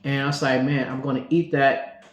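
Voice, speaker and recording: A man's voice: medium pitch, little pitch movement, moderate pace, faint music behind. Roomy storytelling man. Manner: storytelling, acting out dialogue with laughs. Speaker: co-host. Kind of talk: casual faith testimony. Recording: roomy echo.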